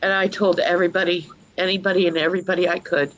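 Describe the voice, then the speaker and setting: A woman, a mother, giving a personal testimony in an earnest, storytelling way with many pauses. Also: fairly low pitch, level tone, lo-fi sound. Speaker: guest mother.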